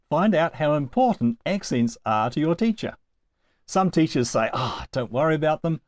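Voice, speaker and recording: A man's voice: medium pitch, a little mellow, dry recording. A man teaching a recorded language lesson, explaining patiently step by step with a dry joke now and then. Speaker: Greek teacher.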